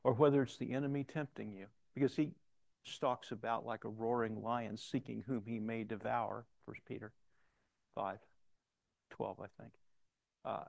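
A man's voice: medium pitch, fairly even intonation, moderate pace, gravelly, a little mellow, dry recording. An older man preaching a sermon in a conversational storytelling way, mixing personal anecdotes with scripture references.

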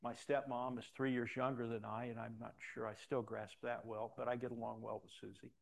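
A man's voice: mid-range voice, level tone, brisk, vocal fry. An older man, a pastor, preaching a sermon in a conversational storytelling way with frequent restarts.

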